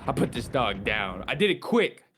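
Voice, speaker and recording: A male streamer in casual chat, animated, swearing often and putting on voices as he retells a game. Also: medium pitch, normal speed, background noise.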